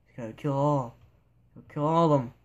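Playing a sandbox game for a video, this young man rambles goofily, chatting to himself and the characters on screen. His voice is on the high side at normal speed, and the audio sounds dull.

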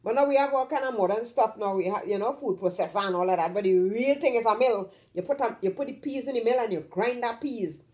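A woman's voice: fairly high pitch, fast talker, hardly any pauses, darkish tone. A woman from Trinidad with a Trinidadian accent, hosting her own vlog in casual talk to the camera. She talks emphatically, stretches out the words she stresses and keeps checking in with her listener. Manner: emphatic, draws out stressed words, keeps asking "you understand?". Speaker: vlog host.

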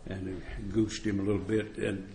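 A man's voice: low voice, level tone, normal speed, warm tone. A man speaking at a recovery retreat, telling stories in a folksy, joking way and chuckling often. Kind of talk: storytelling recovery talk. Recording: echoey room.

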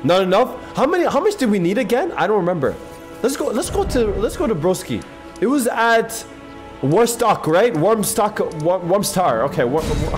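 High-pitched guy streaming a game, super animated, swearing and yelling at chat, music playing behind. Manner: excitable, swears, talks to chat. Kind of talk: live gameplay commentary.

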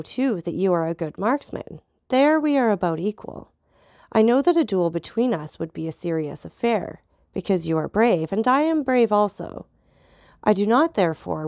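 A woman voicing a calm, ironic male journalist who replies in a deliberate, measured way, with a gravelly voice. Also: mid-range voice, no room sound, clean studio sound, lightly acted.

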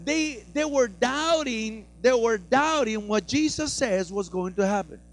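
A pastor preaching a sermon, moving from quiet explanation to loud, fervent preaching and acting out scenes. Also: male voice, very high-pitched, animated, unhurried. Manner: builds from soft teaching to loud preaching, acts out frightened disciples.

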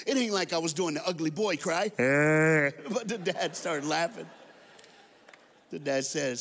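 A man's voice: on the high side, a little slow, a bit bright. A man, a guest speaker telling a story in a sermon, with playful asides to the crowd. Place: large church hall. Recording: long reverb of a large church.

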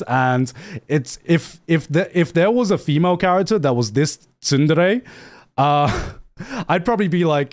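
High-voiced profane streamer. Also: male voice, animated, unhurried. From United Kingdom. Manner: profane, rambling storyteller. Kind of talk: casual stream commentary.

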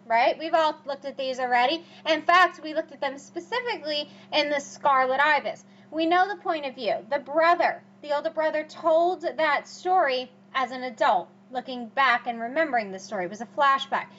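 Over a set of slides, a hiccuping female teacher lectures at normal speed with few pauses, her high voice fairly bright. Emphatic rhetorical questions underline the key points she keeps repeating. A faint hum runs through the dull, lo-fi audio.

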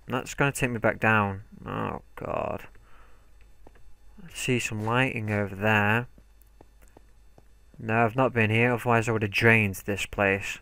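A man's voice: lowish voice, fairly even intonation, measured pace, creaky, pauses often, pushed and bright, clean tone, no room sound. A young man giving let's play commentary, talking to himself and yelping when startled. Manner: jumpy, talks to himself, yelps when startled. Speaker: gaming commentator.

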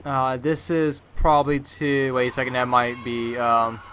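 A man's voice: medium pitch, level tone, measured pace, fairly bright tone, slight background noise. A young man casually commenting on a video game as he plays, rambling with constant "like" and startled outbursts. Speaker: gameplay commentator. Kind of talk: casual let's-play commentary.

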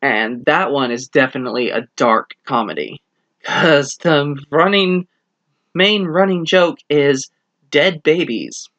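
An enthusiastic reviewer rambles through a casual spoken review, stacking up fillers and now and then acting out bits of dialogue. The voice sits in a middle pitch. The recording is dry and close, with no room echo. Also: slow, a bit bright, muffled recording. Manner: acts out quoted dialogue in shifting voices. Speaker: play reviewer.

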